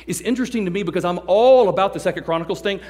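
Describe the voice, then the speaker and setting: A man preaching a sermon in a large hall, animated and joking, acting out the people he talks about. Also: high voice, rapid-fire. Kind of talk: sermon to a youth service. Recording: long hall reverb.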